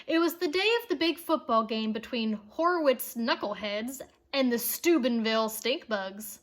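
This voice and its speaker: A woman reading a children's chapter book aloud, with expressive, playful storytelling and asides to her listeners. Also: fairly high pitch, moderate pace.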